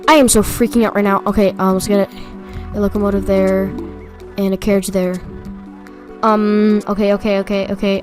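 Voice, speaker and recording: Young female YouTuber, excitable play-by-play, light music bed. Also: mid-range voice, brisk. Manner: excitable, chatty, repeats words when stressed. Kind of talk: casual gameplay commentary. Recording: faint music behind.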